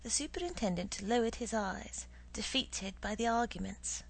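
A woman narrating a story in a measured, expressive reading. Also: on the high side, creaky, breathy edge, rough recording. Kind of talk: audiobook narration.

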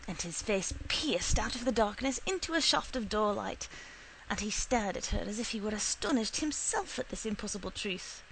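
A woman reading a short story aloud in a steady, unhurried storytelling manner. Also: medium pitch, slight background noise, poor audio. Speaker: reader.

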